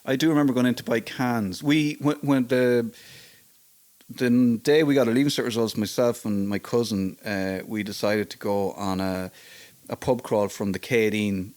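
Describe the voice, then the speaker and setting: An Irish man of middle pitch talks loosely as a podcast guest. He rambles and restarts often, stopping to laugh between thoughts. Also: fairly even intonation, moderate pace, a little mellow. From Ireland. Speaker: guest, playwright and performer. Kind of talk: casual podcast chat.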